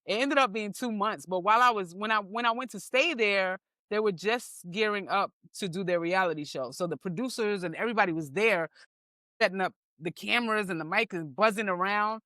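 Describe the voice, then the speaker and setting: A young woman from New York, a comedian guest telling stories in an animated, slangy way. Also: mid-range voice, brisk, no room sound, clean studio sound. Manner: animated, slangy, acts out quoted voices. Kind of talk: casual storytelling interview.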